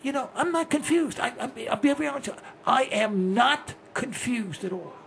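A man's voice: very high-pitched, animated, normal speed, creaky, fairly bright tone, slight background noise. A man in his sixties hosting a rambling, blunt talk radio monologue. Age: 60s. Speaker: host.

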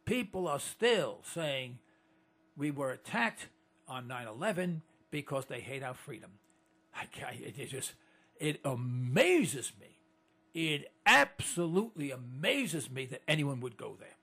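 A man's voice: medium pitch, big pitch swings, unhurried, creaky, fairly bright tone, husky. A man giving an indignant, rambling monologue as a host, often restarting his sentences. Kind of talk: monologue to listeners.

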